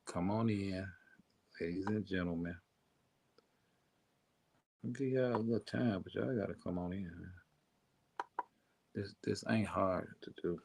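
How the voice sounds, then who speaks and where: A male podcast host with a fairly low voice, talking casually and building hype. He keeps calling his listeners to come on in and join the show. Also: a little slow, vocal fry, long pauses, darkish tone, a little hiss or hum. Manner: hyped, repeats calls to the audience to come on in. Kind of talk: casual chat.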